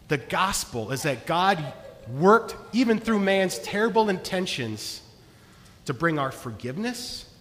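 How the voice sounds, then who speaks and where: A man preaching a sermon as pastor, earnest, moving between hushed and emphatic delivery. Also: sits high. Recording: long reverb of a large hall.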